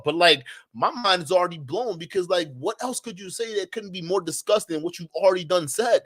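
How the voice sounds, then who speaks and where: Profane, excitable man reacting to clips. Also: high voice, brisk, few pauses. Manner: excitable, profane, outbursts of disbelief and laughter. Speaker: reaction video host. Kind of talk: casual reaction commentary.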